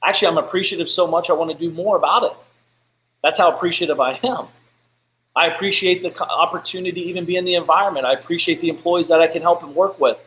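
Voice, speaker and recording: A man's voice: on the high side, fast, a bit bright, slight background noise. A man hosting a live business show, giving a blunt, profane, fired-up motivational rant. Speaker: business podcast host. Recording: echoey room.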